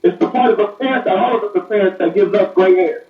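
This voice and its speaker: Police officer guy, high voice, sounds far off in an echoey room, kinda muffled. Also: fast talker. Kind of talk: casual interview talk. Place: remote call from elsewhere. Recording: roomy, distant, dull remote audio.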